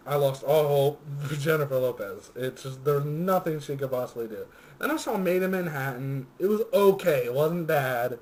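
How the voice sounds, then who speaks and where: A man's voice: medium pitch, a little hiss or hum, rough recording. A young man co-hosting a casual movie-ranking chat, ranting with profanity and frequent laughter. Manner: profane, laughing, animated rants. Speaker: co-host of a movie review show.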